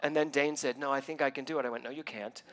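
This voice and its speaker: A middle-aged man, a minister, telling a personal story in a sermon, acting out what others said with lively ups and downs. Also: mid-range voice, fast talker, noisy background. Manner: animated storytelling, acting out quoted voices.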